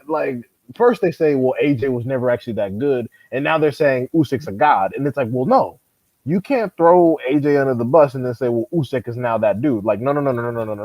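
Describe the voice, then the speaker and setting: A man's voice: medium pitch, no room sound, dull audio. A man co-hosting a casual boxing chat, talking in an exasperated, profane and emphatic way. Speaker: podcast co-host.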